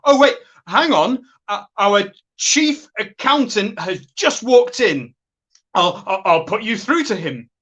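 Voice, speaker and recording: A woman's voice: medium pitch, sing-song, slow pace, a bit bright, husky, full character voice. A woman playing a smug, sleazy male office boss in a comic monologue, boastful and flirtatious on a phone call. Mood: flirty. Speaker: sketch performer.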